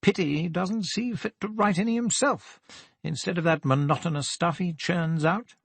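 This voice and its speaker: A man's voice: high voice, moderate pace, gravelly, breathy edge, no echo, pitched above the performer's own voice, exaggerated voice. A man doing a sardonic old vicar with a raised, thin voice and a dry, cutting tone, heard in a close, dry recording.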